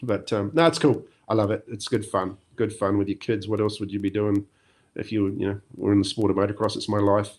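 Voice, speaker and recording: Middle-aged New Zealand man, low and even voice, easygoing rambling interview guest. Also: a little fast. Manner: relaxed, rambling, many fillers and restarts. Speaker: podcast guest, former motocross champion. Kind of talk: casual interview chat.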